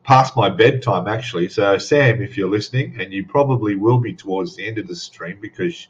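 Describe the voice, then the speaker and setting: A man hosting a casual live stream, just woken up, rambling and laughing as he greets viewers, his voice still rough from sleep. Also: lowish voice, brisk, highs cut off. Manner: drowsy, rambling, laughs often.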